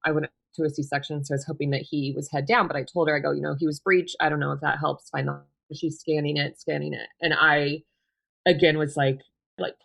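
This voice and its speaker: Woman in her thirties, deep low voice, soft-spoken, hesitant storytelling, frequent fillers, podcast guest. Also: little pitch movement, gravelly. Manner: halting, many fillers and restarts, quiet and subdued. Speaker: podcast guest, bereaved mother. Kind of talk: personal storytelling in a podcast interview.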